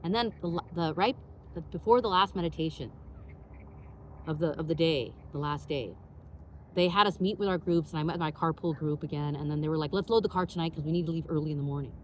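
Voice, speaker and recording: A woman hosting her own show, telling a personal story in an animated way, full of "like" fillers and acted-out dialogue. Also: low-pitched, fast talker, slight background noise. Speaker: podcast host.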